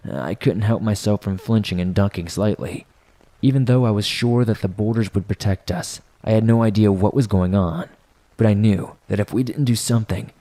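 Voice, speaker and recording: Low, dark-voiced male horror narrator. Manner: steady, measured storytelling. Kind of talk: scripted first-person horror narration.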